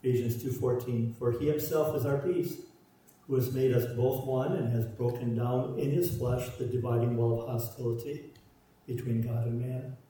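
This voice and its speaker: A man's voice: mid-range voice, fairly even intonation, moderate pace, warm tone. A man preaching a sermon, stressing his points through repeated parallel phrases. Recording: roomy echo, voice from far off.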